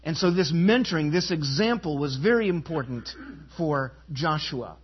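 A pastor delivering an emphatic sermon, asking the congregation rhetorical questions and inviting them to respond. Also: male voice, a little high, lively intonation, normal speed, slightly rough, lo-fi sound.

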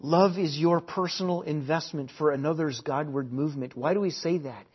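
Husky, emphatic male preacher. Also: on the high side, moderate pace. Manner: emphatic, repeats key phrases, swings from quiet to loud. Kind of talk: sermon. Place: church service. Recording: dull lo-fi sermon recording.

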